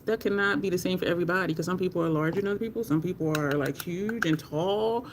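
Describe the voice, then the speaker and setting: A woman's voice: fairly low pitch, fast, noisy background. A teary woman, chatting candidly on a makeup livestream, swearing casually and thanking viewers in chat. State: teary, near crying.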